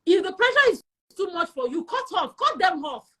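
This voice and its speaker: A young woman with a Nigerian accent, telling her personal story as an interview guest in an emphatic, animated way. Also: very high-pitched, moderate pace. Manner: emphatic and animated, acts out quoted voices.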